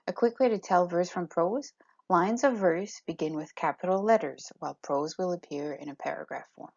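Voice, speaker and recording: A woman teacher explaining in a clear, step-by-step way and reading examples aloud with a steady beat. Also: lowish voice, highs cut off. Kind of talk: recorded classroom lesson.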